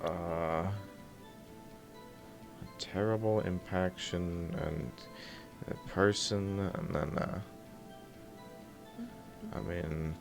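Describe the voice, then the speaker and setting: A man's voice: deep voice, steady tone, extremely slow, creaky, pauses often, music in the background. Hesitant man playing a game on stream. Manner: hesitant, many ums and trailing thoughts. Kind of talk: casual chat.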